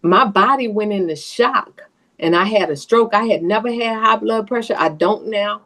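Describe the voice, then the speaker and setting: A woman's voice: mid-range voice, moderate pace, a bit bright. A woman guest on a podcast, telling a personal story in an earnest way that turns tearful at times. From Southern US.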